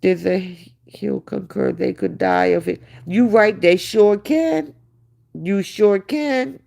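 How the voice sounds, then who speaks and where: A woman's voice: medium pitch, big pitch swings, slow, gravelly, a little mellow. A woman hosting a livestream, reading viewer comments aloud and answering them in blunt, sarcastic casual commentary. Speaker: livestream host.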